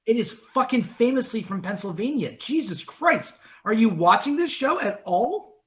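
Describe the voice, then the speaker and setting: A man's voice: very high voice, very animated, normal speed, muffled recording. A man co-hosting a podcast, talking in a sarcastic, profane, casual way. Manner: profane, sarcastic, does mocking voices. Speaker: podcast co-host. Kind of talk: casual chat.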